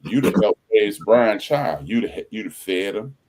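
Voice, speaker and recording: A man with a low voice hosting a podcast in loose, casual conversation. His pitch swings widely as he tells stories with energy. He slips into the voices of the people he quotes. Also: measured pace. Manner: animated storytelling, acts out quoted people. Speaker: podcast host. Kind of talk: casual chat.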